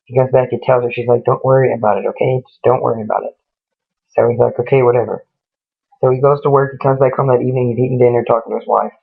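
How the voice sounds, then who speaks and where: A man's voice: mid-range voice, fairly even intonation, fast, vocal fry, slightly rough. A man casually telling a ghost story in a rambling way, retelling each exchange with "he goes" and "she goes". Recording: tinny lo-fi phone-like recording.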